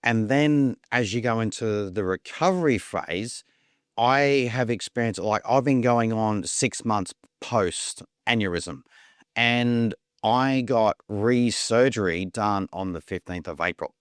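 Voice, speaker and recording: A man's voice: fairly low pitch, takes it slowly, clean tone, dry recording, studio quality. Rambling man telling his story. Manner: rambling, repeats words, acts out quoted dialogue. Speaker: podcast guest. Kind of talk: casual storytelling.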